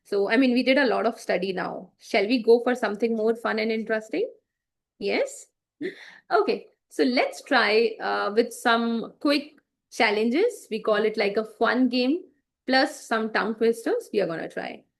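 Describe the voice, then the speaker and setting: A woman's voice: on the high side, expressive, a little slow, vocal fry. A woman teaching public speaking to children in an online class, encouraging and chatty, with many fillers and tongue twisters said aloud.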